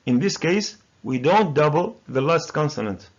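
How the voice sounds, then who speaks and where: Gravelly Moroccan-accented teacher drilling verbs. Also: male voice, a little high, animated, muffled recording. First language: Moroccan Arabic. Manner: slow, deliberate word-by-word drilling. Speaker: English teacher. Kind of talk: recorded grammar lesson.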